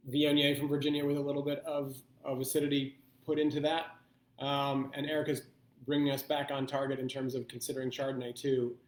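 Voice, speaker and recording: A man hosting a live online blind wine tasting, thinking aloud in an unhurried way and pausing often to weigh his options. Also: mid-range voice, roomy sound. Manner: thoughtful, thinking aloud with pauses.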